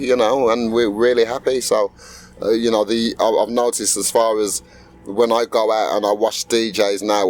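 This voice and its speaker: A middle-aged man, a musician being interviewed, talking in a relaxed, rambling way with many fillers. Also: lowish voice, slight background noise. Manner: laid-back, rambling storyteller with fillers. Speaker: musician guest. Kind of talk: casual interview.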